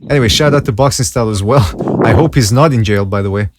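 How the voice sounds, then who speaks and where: A man's voice: mid-range voice, fast, heavy background noise. A man hosting a casual podcast, laid-back and thanking his guests by name. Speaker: podcast host. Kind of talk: casual chat.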